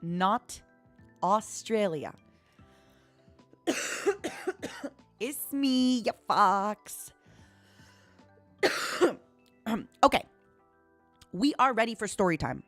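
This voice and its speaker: A woman streamer chatting casually and telling stories in a playful, animated way. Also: mid-range voice, very slow, long pauses, soft background music. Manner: chatty, playful, animated storytelling with put-on quotes. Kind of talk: casual chat and storytelling.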